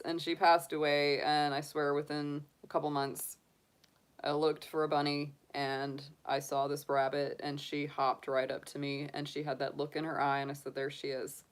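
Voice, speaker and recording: A middle-aged woman, a tarot reader, chatting casually on a stream, gushing and cooing and laughing easily. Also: low-pitched. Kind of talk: casual chat on a live stream.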